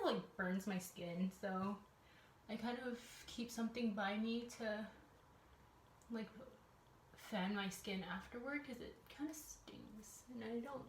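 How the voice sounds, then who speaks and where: A woman's voice: a little high, a little hiss or hum. A young adult woman vlogging casually at home, chatty and rambling, with lots of fillers. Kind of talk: casual vlog chat.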